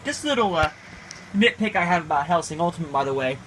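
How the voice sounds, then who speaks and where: A man's voice: fairly high pitch, lively intonation, fast talker, a bit bright, slight background noise, poor audio. A man giving a casual, emphatic opinion monologue, ranting with frequent restarts. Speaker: video creator.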